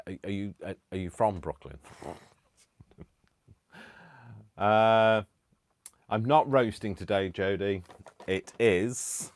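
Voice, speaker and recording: A man's voice: deep voice, dry recording. A man hosting a craft live stream from home, chatting casually with self-mocking, rambling asides. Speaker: craft channel host. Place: home, indoors.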